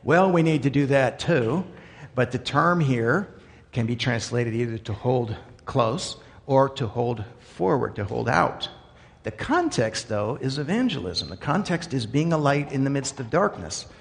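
A man's voice: mid-range voice, animated, measured pace, vocal fry. Earnest preacher man in a reverberant hall. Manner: earnest, swings between quiet asides and emphatic raised lines. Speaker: pastor. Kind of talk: sermon.

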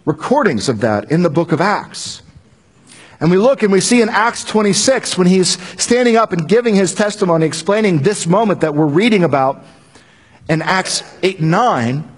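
A fairly high-voiced male preacher talks through a sermon in a husky, slightly breathy voice. He speaks in a casual, joking way and often restarts his sentences as he explains. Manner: conversational and joking, with frequent restarts. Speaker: pastor.

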